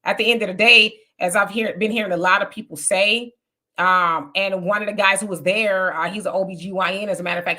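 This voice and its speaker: Woman, live-stream host, bright voice, casual chat, reads comments aloud. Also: lowish voice. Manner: chatty, reads viewer comments aloud and answers them.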